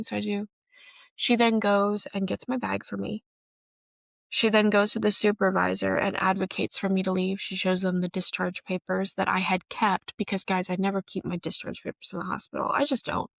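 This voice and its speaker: A woman's voice: mid-range voice, flat delivery, normal speed, gravelly, no room sound. A woman hosting a podcast, telling a personal story in an earnest, emotional and candid way. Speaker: podcast host.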